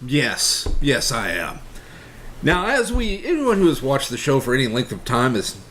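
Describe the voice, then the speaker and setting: A man's voice: medium pitch, wildly swooping pitch, moderate pace, fairly bright tone, slight background noise. A man co-hosting a casual comedy news podcast, reading out odd stories and joking along. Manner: reads news items aloud between jokes. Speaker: podcast co-host.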